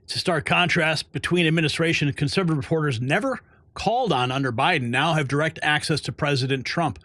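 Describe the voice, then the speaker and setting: A male news host with a bright, sharp voice that sits a little high. He speaks in emphatic, promo-like bursts, recorded dry and close. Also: fast, no room sound. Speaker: show host. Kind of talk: punchy news-show hosting.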